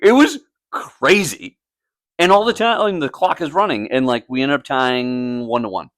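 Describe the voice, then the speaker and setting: A man's voice: mid-range voice, moderate pace, fairly bright tone, no room sound, clean studio sound. A man co-hosting a casual podcast, telling a story with lots of swearing and acted-out quotes, a youth soccer coach. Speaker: podcast co-host. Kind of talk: casual chat.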